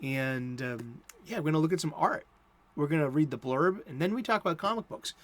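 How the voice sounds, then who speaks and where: A man's voice: fairly high pitch, animated, a little fast, a bit bright. A middle-aged American man hosting a casual chat, rambling with many fillers and restarts. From United States. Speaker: host.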